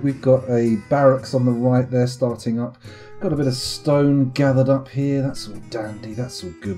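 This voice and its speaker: This live streamer is a young man from the UK with a warm, mid-range voice. He offers casual, rambling game commentary full of jokes and self-mockery.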